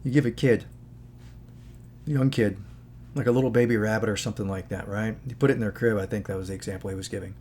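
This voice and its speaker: A man's voice: fairly low pitch, fairly even intonation, fast, darkish tone. Earnest rambling man, faint hum. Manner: earnest moralizing, rambling with many asides. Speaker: channel host. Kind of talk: casual spoken commentary.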